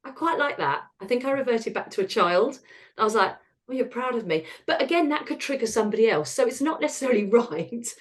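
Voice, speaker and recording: A woman, a podcast guest talking frankly about hard times, laughing at the dark parts. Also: fairly high pitch, animated, brisk. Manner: frank and self-deprecating, laughs at dark moments. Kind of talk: candid conversational storytelling.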